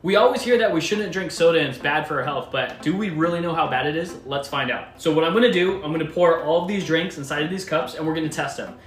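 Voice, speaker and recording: A man's voice: a little high, fast talker, few pauses, roomy sound. A man presenting a casual demonstration vlog in an upbeat way. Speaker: vlogger.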